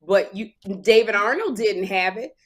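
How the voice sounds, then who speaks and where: A woman in her thirties co-hosting a casual podcast chat, telling animated stories and slipping into impressions. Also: mid-range voice, moderate pace. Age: 30s. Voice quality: animated storyteller who slips into impressions. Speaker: podcast co-host.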